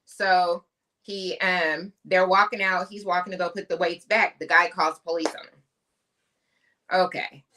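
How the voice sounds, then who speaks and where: A woman's voice: on the low side, steady tone, a little slow, bright, forceful tone, slight background noise. A woman from the US West Coast co-hosting a podcast, chatty and emphatic as she tells stories. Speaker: podcast co-host. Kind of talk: casual podcast chat.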